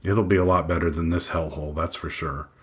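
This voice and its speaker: A man voicing a laconic middle-aged police officer in a curt, flat way. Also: low voice, fairly quick.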